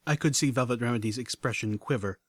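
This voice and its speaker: A man narrating an audiobook in a steady, measured reading. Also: mid-range voice, breathy edge, dry recording.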